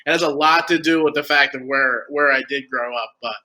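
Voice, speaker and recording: A man's voice: medium pitch, a little fast, a loud crowd, rough recording. A man from New Jersey with a New Jersey accent, chatting upbeat and self-deprecating as an interview guest. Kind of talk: casual interview chat.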